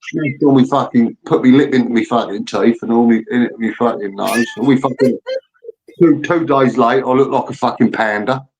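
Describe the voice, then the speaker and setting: A man's voice: mid-range voice, moderate pace, darkish tone, poor audio. A man telling a rowdy story in casual chat, blunt and full of swearing. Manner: blunt, profane, laddish storyteller.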